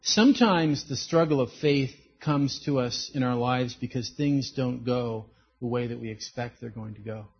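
A man's voice: medium pitch, normal speed, gravelly, hardly any pauses, husky. A man preaching a sermon, telling stories and acting out the voices in them. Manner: animated storytelling, acts out quoted voices. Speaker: pastor. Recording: dull lo-fi recording.

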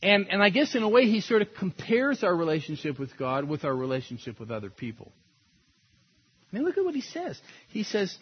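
A man's voice: high-pitched, big pitch swings, quick pace, breathy edge, highs cut off. A man preaching a sermon as a pastor, in a conversational, storytelling way that laughs at its own points.

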